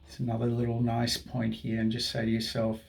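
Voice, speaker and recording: A man's voice: mid-range voice, monotone, brisk, gravelly. A man guiding viewers through a tapping session, speaking affirmations for them to repeat. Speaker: tapping guide.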